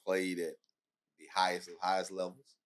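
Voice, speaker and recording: A man hosting a podcast, asking halting, rambling questions with many fillers. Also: sits low, monotone, smooth. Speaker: podcast host. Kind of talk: casual interview talk.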